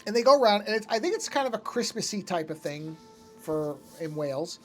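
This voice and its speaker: A man's voice: sits high, sing-song, brisk, faint music behind. A man chatting casually to his live-stream chat while drawing, rambling and often breaking off to fix something. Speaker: art streamer.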